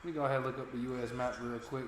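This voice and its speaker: A man's voice: mid-range voice, steady tone, racing. A man, co-hosting a sports watch-along, teasing his friend in casual, profane banter. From United States. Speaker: co-host of a footy watch-along. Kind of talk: casual streaming chat. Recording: echoey room with faint noise.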